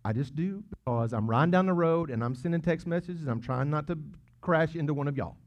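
A man's voice: on the high side, a little fast. Man preaching, dull lo-fi sound. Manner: earnest preaching, rising to emphatic peaks and dropping to hushed asides. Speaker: pastor. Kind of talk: sermon.

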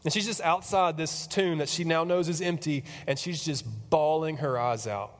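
A man's voice: fairly high pitch, normal speed. Chatty man preaching in a reverberant hall. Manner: chatty and animated, lots of fillers. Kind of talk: casual sermon storytelling.

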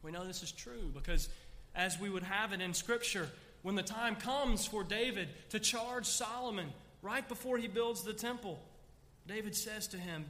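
Bright-voiced male pastor preaching in a hall. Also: sits high, moderate pace. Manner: preaching with emphatic rising recitations of scripture. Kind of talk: sermon. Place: church sanctuary.

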